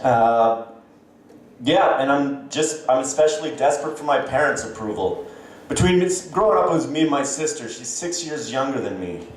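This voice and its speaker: A Canadian man in his thirties doing a stand-up set on stage, self-deprecating and halting, with many fillers. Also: mid-range voice, heavy reverb, far from the mic, slight background noise. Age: 30s. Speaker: stand-up comedian. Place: comedy club stage. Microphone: handheld stage mic.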